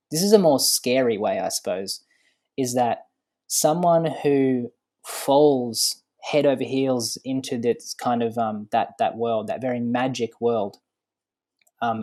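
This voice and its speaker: A man who is a podcast guest, explaining ideas thoughtfully with many pauses and fillers. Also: mid-range voice, a little mellow. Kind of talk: casual podcast conversation.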